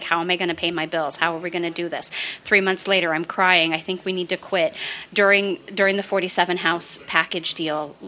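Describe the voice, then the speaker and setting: Woman, forties, bright and lively; podcast guest storyteller who laughs easily and acts out quotes. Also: on the low side. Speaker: podcast guest, real estate investor. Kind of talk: casual interview storytelling.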